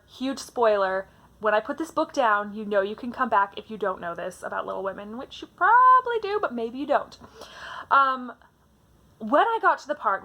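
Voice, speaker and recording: Young woman from Canada, book vlogger, chatty and animated, bright voice sitting a little high. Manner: chatty, animated, many fillers. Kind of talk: casual book tag chat.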